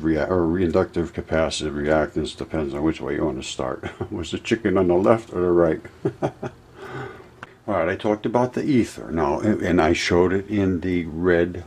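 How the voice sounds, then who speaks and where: A man presenting an informal science lecture, explaining in a loose, animated way and sometimes acting out voices. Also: sits low, husky.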